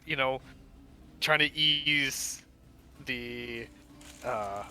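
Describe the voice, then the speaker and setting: A man's voice: mid-range voice, drawn-out words, sharp tone. A man playing a tabletop game, speaking hesitantly with fillers and laughing as he talks. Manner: hesitant, laughs while talking. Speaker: player. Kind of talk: tabletop role-play chat.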